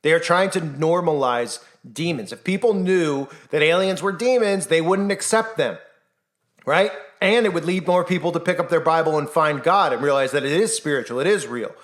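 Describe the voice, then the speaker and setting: Speaking straight to camera on his channel, this Christian YouTuber's voice sits on the high side at a normal speed. His monologue is impassioned and pressing, full of rhetorical questions, and he performs the voices of the people he quotes.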